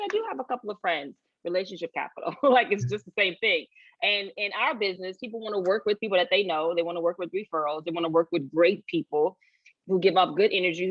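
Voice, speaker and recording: A woman actress in a casual interview, telling animated stories, acting out what people said and laughing often. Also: on the low side, dry recording. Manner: animated storytelling, acts out quoted voices, laughs often. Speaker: actress, guest. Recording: dull lo-fi sound.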